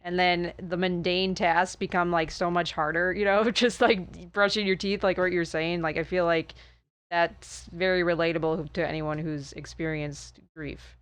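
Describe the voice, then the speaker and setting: A woman's voice: on the low side, fairly even intonation, moderate pace, fairly bright tone, clear, resonant tone, no echo. A woman co-hosting a podcast, thoughtful and reflective as she asks and comments. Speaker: podcast co-host. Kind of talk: interview conversation.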